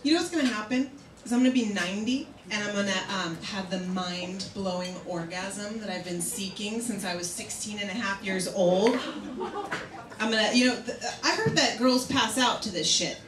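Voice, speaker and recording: A woman's voice: mid-range voice, moderate pace. Bawdy woman comic in an echoey club. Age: 30s. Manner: bawdy, animated storytelling with acted-out quotes. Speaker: stand-up comedian. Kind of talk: stand-up comedy set. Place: comedy club bar. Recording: echoey club with loud noise. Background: audience laughter.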